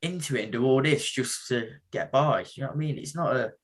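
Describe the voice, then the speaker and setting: A young man from the English Midlands with a husky voice, telling stories as a guest on a casual podcast. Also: medium pitch, brisk. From England. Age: young adult. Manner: relaxed storytelling with laughs and slang. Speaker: boxer guest.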